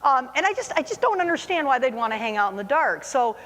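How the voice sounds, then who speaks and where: A woman in her forties tells a self-mocking personal story to an audience, her higher voice swooping with lively pitch. She sounds like a teacher who loves a good anecdote. The sound rings with a long hall reverb. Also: fast.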